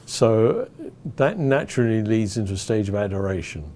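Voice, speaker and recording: A man from England teaching about worship in stages, telling a story with lively acted-out crowd chants. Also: fairly low pitch, moderate pace, a little hiss or hum. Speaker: worship leader.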